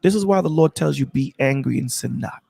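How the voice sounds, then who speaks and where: A man's voice: mid-range voice, brisk, creaky, in a large hall, a crowd in the background. A man in a casual discussion, talking emphatically and repeating his points like a preacher. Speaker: stream co-host.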